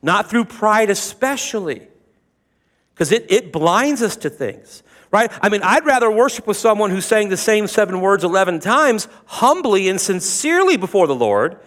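A man's voice: high-pitched, sing-song, moderate pace, fairly bright tone, in a large hall. A man preaching a sermon, retelling scripture in a conversational, joking way with asides to the congregation. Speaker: pastor.

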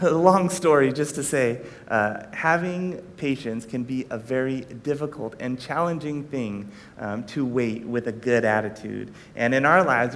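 A man preaching a sermon, telling a personal story with frequent self-deprecating chuckles. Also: a bit bright. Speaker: pastor. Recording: reverberant hall, faint rumble.

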